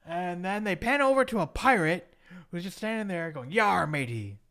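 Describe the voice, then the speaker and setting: Man, podcast host, casual chat, high-pitched, very animated, jokey, does mock voices. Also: moderate pace, clean tone. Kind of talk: casual chat recapping a show.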